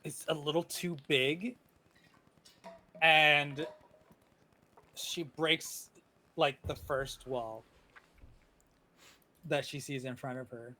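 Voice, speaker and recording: A man running a tabletop game as dungeon master, telling the story in an unhurried way with many fillers. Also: fairly high pitch, steady tone, sharp tone. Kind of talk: narrating a tabletop game over a video call.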